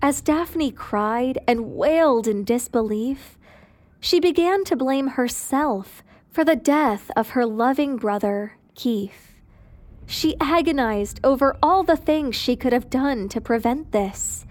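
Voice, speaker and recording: Slow, steady woman narrator. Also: sits high. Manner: slow, even storytelling delivery. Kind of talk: scripted story narration.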